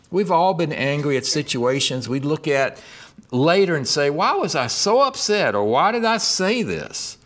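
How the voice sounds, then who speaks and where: A middle-aged man preaching a sermon, his voice climbing and dropping as he reads scripture and acts out the lines. He keeps putting questions to his listeners, and his speaking voice sits a little high for a man. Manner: expressive preaching, voicing scripture and God's lines, asks the congregation questions. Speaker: pastor.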